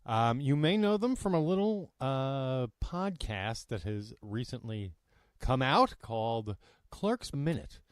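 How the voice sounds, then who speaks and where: A man's voice: mid-range voice, lively intonation, slow pace, smooth, no room sound, clean studio sound. A man hosting a podcast, introducing guests in a welcoming, announcer-like way. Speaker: podcast host.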